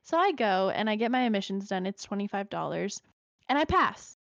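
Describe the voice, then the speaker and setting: A young woman in casual chat, telling an animated story full of "like" fillers. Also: mid-range voice, a little fast, creaky, no room sound. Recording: slightly dull lo-fi dry sound.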